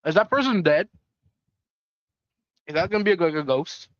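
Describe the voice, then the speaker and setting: A man's voice: a little high, lively intonation, moderate pace, no room sound, dull audio. A man hosting a live comic reading stream, chatting casually between lines.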